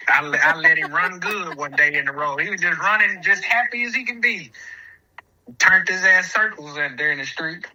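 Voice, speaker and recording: A man sits in as a podcast guest and trades hog dog stories. His talk is casual, profane and meandering, full of dialect. His voice sits a little high and sounds sharp and very bright. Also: low-quality recording. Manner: profane, rambling storytelling in dialect.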